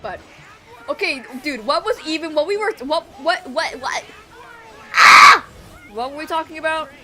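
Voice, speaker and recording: A young woman streaming games live, chatting casually, excitable and swearing freely, often bursting into shouts. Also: high voice, moderate pace, over music. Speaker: VTuber streamer.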